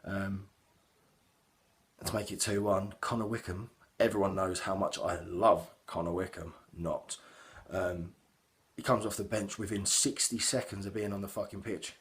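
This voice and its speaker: Deep-voiced lad ranting about football. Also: male voice, moderate pace. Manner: heavy swearing, animated, rambling with fillers. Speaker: football fan vlogger. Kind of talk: casual match reaction rant.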